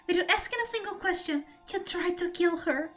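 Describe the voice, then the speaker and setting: A woman's voice: very high voice, fairly quick, music in the background. A woman streamer reading video game dialogue aloud, dramatic and emotional, close to tears.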